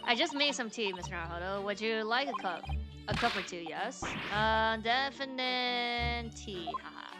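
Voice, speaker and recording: A woman with a somewhat high voice reads a game's script aloud, taking every part herself. She drops in casual, sometimes crude asides between the lines. Game music plays clearly beneath her. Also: animated, normal speed. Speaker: streamer. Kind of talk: reading game dialogue aloud in a let's-play. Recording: game music playing underneath.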